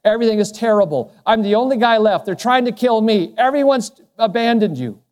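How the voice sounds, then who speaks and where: A despairing prophet, as a preacher plays him. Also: male voice, high-pitched, animated, fairly quick, a little mellow. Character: despairing prophet, hunted and alone. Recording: long hall reverb.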